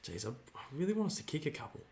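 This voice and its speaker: A young Australian man hosting a livestream, giving excitable watch-along commentary on a football match and chatting with viewers. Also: fairly high pitch, very fast. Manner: excitable, shouts at play, banters with chat. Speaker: livestream host.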